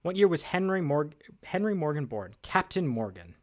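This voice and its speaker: A man's voice: fairly high pitch, sing-song, moderate pace. A man hosting a casual livestream trivia from behind a desk, chatty and upbeat with lots of fillers and self-deprecating asides. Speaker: livestream host. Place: at a desk indoors.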